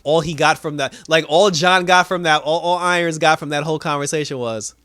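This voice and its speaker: A man's voice: high-pitched, normal speed, no echo. A man casually recapping a TV episode, acting out the characters' lines with frequent laughs and fillers. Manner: animated retelling with quoted voices and laughs. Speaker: TV episode reviewer.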